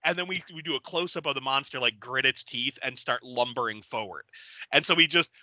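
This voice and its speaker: A man co-hosting a podcast, chatting casually and animatedly, laughing often and acting out bits as he pitches a story. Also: brisk, bright, forceful tone, no room sound, muffled recording. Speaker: podcast co-host. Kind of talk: casual brainstorming chat.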